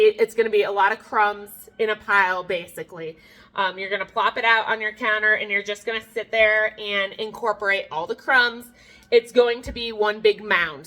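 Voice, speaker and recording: A woman's voice: medium pitch, sharp tone. A woman in her thirties chatting casually to the camera as she cooks in her home kitchen, laughing at her own mistakes. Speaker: homestead cooking vlogger. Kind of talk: casual cook-along chat to camera.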